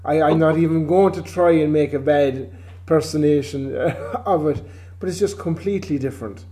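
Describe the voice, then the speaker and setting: A man's voice: a little high, moderate pace, mellow. A man with a Kerry Irish accent, interviewing a guest in easygoing casual chat. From Ireland. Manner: easygoing, lots of agreeing "yeah".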